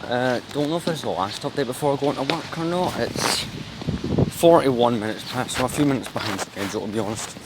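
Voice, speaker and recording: A young man rambles casually while he walks through city streets, swearing freely. He talks into a handheld camera at an ordinary pitch. Traffic and street noise stay loud around him. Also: a little fast. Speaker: vlogger. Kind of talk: casual walking vlog. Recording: noisy street recording.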